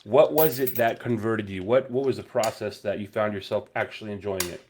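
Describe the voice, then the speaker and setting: A podcast host with a fairly low voice speaks fairly quickly, animatedly telling stories in casual chat packed with swearing. Slight background noise can be heard.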